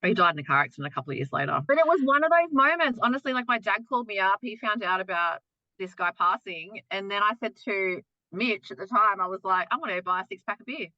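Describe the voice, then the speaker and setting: A woman's voice: medium pitch, lively intonation, fast talker, bright, forceful tone, dry recording. A young adult woman talking as a podcast guest, telling a personal story candidly and frankly, swearing freely and acting out what others said. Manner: frank, swears freely, acts out quoted voices. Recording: dull lo-fi dry remote sound.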